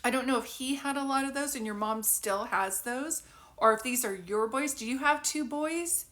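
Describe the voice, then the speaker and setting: A woman's voice: high-pitched, normal speed, a bit bright. A woman doing a psychic reading live, rambling and thinking aloud, often breaking into giggles, talking into a phone. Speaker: psychic medium. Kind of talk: live reading, casual chat.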